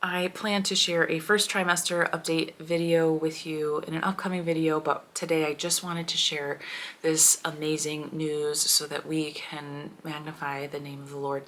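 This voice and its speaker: A woman in her thirties talking in a heartfelt personal vlog, soft and emotional, with a prayerful tone. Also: low voice, a little hiss or hum. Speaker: homeschooling mom vlogger.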